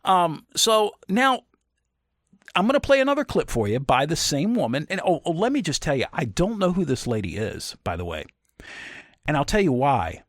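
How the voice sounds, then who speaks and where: A man commentating casually on a video, joking and animated. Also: fairly high pitch, moderate pace, no room sound, clean studio sound. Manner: animated, joking, self-interrupting.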